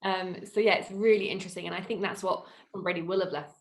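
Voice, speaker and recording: A woman's voice: on the low side, steady tone, fast talker, low-quality recording. A woman co-hosting a podcast, chatting casually about football in a chatty way. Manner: chatty, many fillers and restarts, laughs easily. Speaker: podcast co-host. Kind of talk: casual sports chat.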